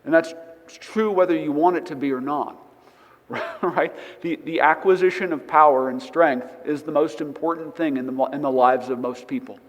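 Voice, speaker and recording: A man's voice: fairly high pitch, normal speed. Man preaching a chatty sermon in a reverberant hall. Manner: conversational, frequent "right?" tags. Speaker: church teacher. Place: church sanctuary.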